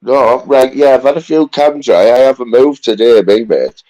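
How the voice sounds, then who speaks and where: A man's voice: medium pitch, normal speed, dark tone. A man with a Scouse accent, chatting in a laid-back, rambling way. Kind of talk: casual chat. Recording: dull lo-fi audio.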